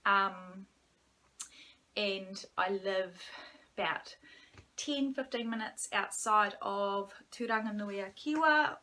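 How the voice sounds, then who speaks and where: A chatty New Zealand woman in her forties talks through her own podcast from home, her voice bright and a little sharp. She rambles freely, with plenty of ums along the way. Now and then she sinks into a hushed, almost whispered aside. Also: medium pitch, slight background noise. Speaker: podcast host. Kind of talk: casual solo podcast chat.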